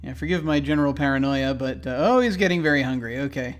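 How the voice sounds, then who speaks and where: A man casually talking through a video game, with low-key, mumbled asides. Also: fast talker. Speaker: gameplay commentator. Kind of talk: casual let's play commentary.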